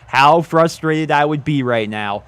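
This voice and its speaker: A young gaming YouTuber gives casual commentary over a football video game, flustered and exasperated, often laughing in disbelief at his own bad luck. His voice is on the high side and unhurried, with a fairly bright, clear, resonant tone.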